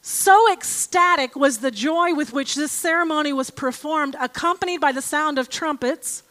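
A woman giving an informal Bible teaching, reading aloud from scripture and a commentary with emphatic, expressive delivery. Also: high voice, normal speed.

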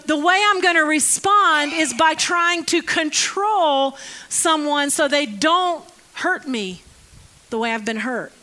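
A woman's voice: sits high, bright, forceful tone, poor audio. A woman in her fifties preaching a conversational sermon as pastor, acting out quotes and stories. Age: 50s. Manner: conversational, acts out quotes, laughs often.

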